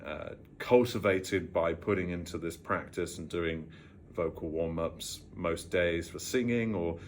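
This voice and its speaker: A man in his thirties from Worcestershire, speaking with a trained neutral British accent and a tired edge with slight vocal fry, explaining voice technique in a measured, precise way. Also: low-pitched, a little hiss or hum. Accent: trained neutral British English. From Worcestershire, England. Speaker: voice coach. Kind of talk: talking-head vocal lesson.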